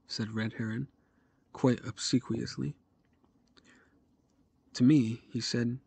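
Gravelly, husky male audiobook narrator. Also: mid-range voice, little pitch movement, unhurried, long pauses, warm tone. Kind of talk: scripted first-person novel narration.

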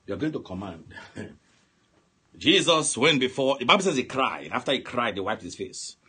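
A man preaching fervently on a prayer line, dropping to hushed murmurs and then erupting into shouted commands. His husky voice is bright and cutting, and his pitch leaps all over. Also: sing-song, moderate pace. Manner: swings from soft murmurs to shouted commands, speaks in tongues. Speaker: pastor. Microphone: phone line broadcast.

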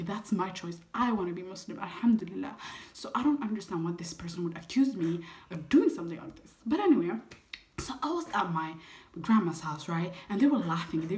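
An eighteen-year-old woman vlogger telling a dramatic story, lively, with frequent whispered asides. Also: medium pitch, a little hiss or hum. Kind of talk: storytime vlog.

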